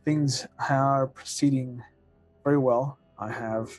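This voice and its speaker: A man's voice: mid-range voice, fairly even intonation, slow pace, darkish tone, soft background music, rough recording. A man voicing a dutiful female guard captain who reports to her lord formally.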